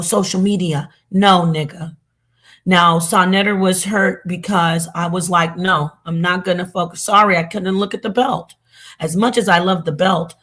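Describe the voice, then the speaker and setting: A woman hosting a reaction channel, ranting angrily and cursing at her viewers. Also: fairly low pitch. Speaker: channel host. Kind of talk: heated reaction commentary.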